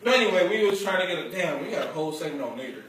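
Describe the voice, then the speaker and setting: A man's voice: a little high, very animated, very fast, a bit bright. A man hosting a casual talk show from a barbershop, joking, rambling and laughing often. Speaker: show host. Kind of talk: casual banter. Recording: echoey room from a distant mic, faint noise.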